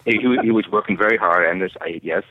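A middle-aged man from the Boston area, a guest calling in, halting with many restarts and dry humor. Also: sits low. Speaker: guest caller. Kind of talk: casual chat over phone. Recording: tinny phone line.

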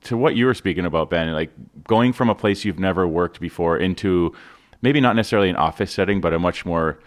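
Male podcast co-host, low voice, loose and halting delivery. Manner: relaxed, hesitant, many fillers. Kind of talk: casual chat.

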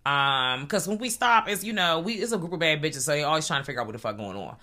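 A woman's voice: low voice, animated, quick pace, bright, forceful tone. A woman co-hosting a casual talk show, making blunt, profane, joking comments. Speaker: podcast co-host. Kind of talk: casual chat.

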